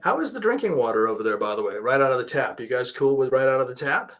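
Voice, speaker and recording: Quick-paced and animated, his mid-range voice a bit bright, a man hosts an online talk show via video call. English is not his first language; the casual interview chat has him rambling, joking and running himself down.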